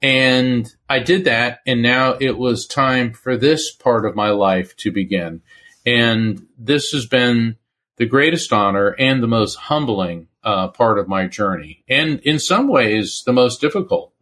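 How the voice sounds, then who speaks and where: A man's voice: medium pitch, a little slow. A middle-aged man, a medium and former attorney, telling stories as an interview guest and acting out the voices of the people he quotes. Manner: animated storyteller who acts out quoted voices. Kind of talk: conversational interview storytelling.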